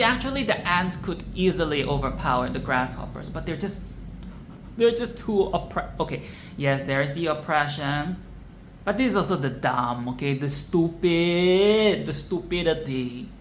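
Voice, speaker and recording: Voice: mid-range voice, animated, normal speed. A vlogger ranting about a film in casual commentary, swearing, exasperated and repeating phrases for emphasis. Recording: echoey room with faint background noise.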